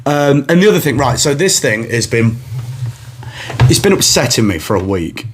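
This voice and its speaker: A man's voice: medium pitch, normal speed, a little hiss or hum. A young man, a comedian hosting a podcast, telling a rambling story in casual chat and putting on voices. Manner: animated, laughing, rambling storyteller doing voices.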